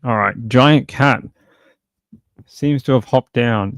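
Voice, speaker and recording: A man's voice: mid-range voice, slow, pauses often, dry recording. A man hosting a true crime livestream from home, chatting casually in a loose, rambling way full of fillers.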